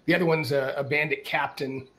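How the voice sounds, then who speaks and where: A man's voice: on the high side, steady tone, brisk, a bit bright. A man running a tabletop game as game master, narrating casually with many restarts.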